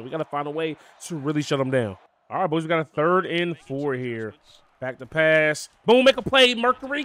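A young man calls his own game at a rapid clip, in a voice that sits a little high for a man. He narrates casually to his viewers, hyped up, with sudden bursts of excitement on big moments. The feel is casual gaming commentary from a channel host.

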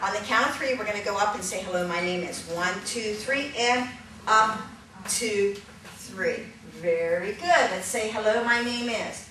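A woman leading a hands-on puppetry workshop, energetic and upbeat, laughing often and counting the group along. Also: mid-range voice, moderate pace. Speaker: puppetry instructor. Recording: echoey room from a distance, noisy.

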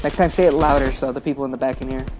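A woman giving loud, profane, excitable commentary while playing a shooter game with a friend. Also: extremely low pitch, racing. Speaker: gamer streaming with a friend. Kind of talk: casual gameplay commentary. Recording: game gunfire noise under the voice.

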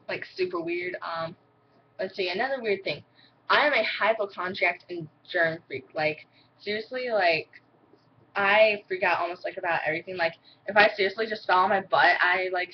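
A teenage girl vlogging casually to camera, rambling with lots of fillers and excitable asides. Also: fairly low pitch. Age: teens. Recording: dull lo-fi webcam audio with faint noise.

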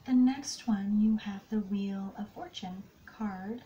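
A woman giving an intuitive tarot card reading, speaking softly and often dropping into whispers. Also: mid-range voice, slow, dull audio. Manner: soft-spoken, slips into whispers often. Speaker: tarot and astrology reader.

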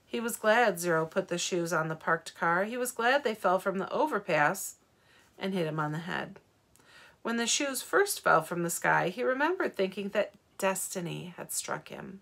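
A woman, a teacher, reading a novel aloud to her students in a calm, steady storytelling manner. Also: mid-range voice, normal speed, gravelly. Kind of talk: read-aloud storybook narration.

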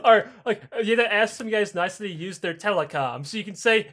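High bright-voiced young man, rambling. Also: a little fast, hardly any pauses. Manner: rambling, profane, acts out game dialogue in silly voices. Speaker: podcast co-host. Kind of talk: casual chat.

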